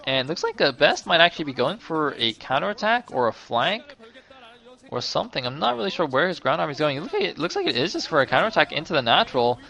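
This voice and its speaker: A man giving casual play-by-play commentary on a game as an esports caster. He talks chattily, corrects himself often, and gets loud and excited when the action turns tense. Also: on the high side, fast, creaky.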